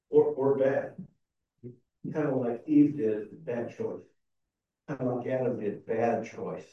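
A man's voice: medium pitch, warm tone. Man preaching a sermon in a roomy church. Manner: conversational and self-deprecating, with many restarts. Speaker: pastor. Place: church sanctuary. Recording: roomy, distant, dull sound.

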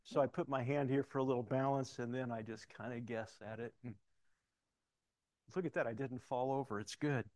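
A man preaching a sermon in a church in a folksy, conversational way, telling a story and then praying in a hushed, slow voice. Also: mid-range voice, fairly even intonation.

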